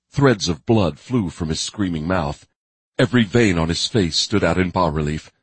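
A man narrating a dark thriller audiobook in a measured storytelling manner with vivid emphasis. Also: low voice, breathy edge, no echo.

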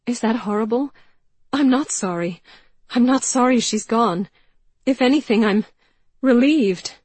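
A woman's voice: fairly high pitch, unhurried, husky, no room sound, pitched above the performer's own voice. A woman reading an audiobook, voicing a distraught young woman whose voice rises and cracks with emotion. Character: young woman, grieving, raw and agitated. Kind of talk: audiobook character voice.

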